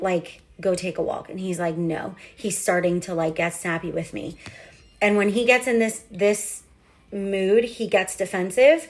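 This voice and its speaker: Woman, 30s, parent vlogger. Chatty, candid, casual storytelling with heavy fillers. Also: medium pitch. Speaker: parent of a young athlete.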